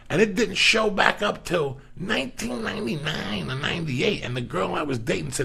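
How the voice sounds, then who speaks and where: Comedian guest, man, rough gravelly voice, lively swinging delivery, swears freely. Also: high-pitched. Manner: profane, animated, rapid-fire. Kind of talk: casual podcast storytelling.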